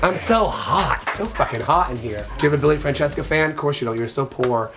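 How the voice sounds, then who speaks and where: A man's voice: on the high side, expressive, fairly quick, a crowd in the background. A man hosting a live comedy podcast, crude, campy and rambling, losing his voice. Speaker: podcast host. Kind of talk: casual comedic chat. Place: live venue with music playing.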